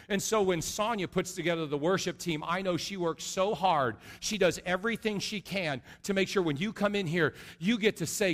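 A middle-aged man preaching an earnest sermon as a pastor, going from soft and low to loud and high. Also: lively intonation, normal speed. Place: large church sanctuary. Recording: long reverb of a large hall.

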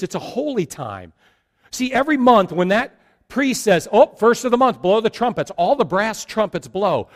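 A middle-aged man preaching a sermon as pastor, acting out the people in the story as he retells it. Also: fairly high pitch. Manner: animated, acts out quoted characters.

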